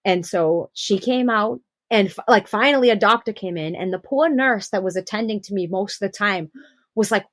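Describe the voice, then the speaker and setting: A young adult woman telling her personal birth story on a podcast, animated and acting out the quotes. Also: fairly high pitch, fairly quick, no echo. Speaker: podcast guest.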